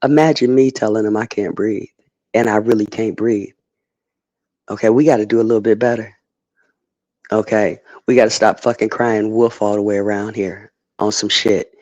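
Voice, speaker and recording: Male streamer, lowish voice, heated and emphatic, profane, close dry mic. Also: steady tone, moderate pace, dry recording. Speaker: streamer giving commentary. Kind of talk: unscripted livestream rant.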